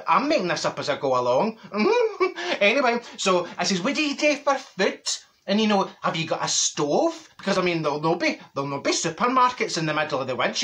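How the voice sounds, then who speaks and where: Man playing a chatty older Glaswegian woman, rambling gossip, bright voice, sing-song delivery. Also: sits high, exaggerated voice. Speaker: comic character monologue. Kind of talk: character comedy monologue.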